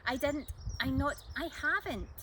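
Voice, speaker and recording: A woman's voice: high-pitched, lively intonation, normal speed, very noisy. A woman voicing an impulsive young boy who mutters and splutters defensively.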